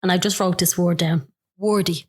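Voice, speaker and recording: A woman hosting a podcast, asking gentle, probing questions in a casual chat. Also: lowish voice, fairly even intonation, normal speed, slightly rough. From Ireland. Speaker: podcast host.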